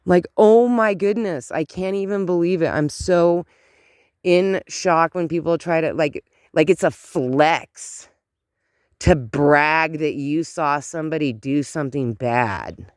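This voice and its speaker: A woman's voice: low-pitched, slow pace, no room sound, clean studio sound. Indignant rambling woman vlogging outdoors. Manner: animated, indignant, rambling with many fillers. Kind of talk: casual outdoor vlog rant. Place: outdoors in cold morning air.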